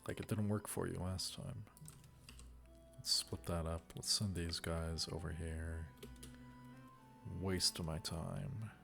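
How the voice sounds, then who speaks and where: A man's voice: low-pitched, level tone, slow, gravelly, long pauses, sharp tone, soft background music. A man casually commenting on a strategy game as he plays, musing wryly to himself. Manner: musing, wry, talks to himself while playing. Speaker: let's play gamer.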